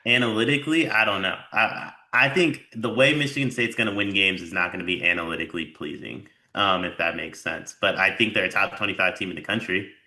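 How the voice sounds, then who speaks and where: A man's voice: deep voice, fairly quick, few pauses, sharp tone. A man co-hosting a sports podcast who talks in a loose, rambling way with lots of filler words. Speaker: podcast co-host. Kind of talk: casual sports chat.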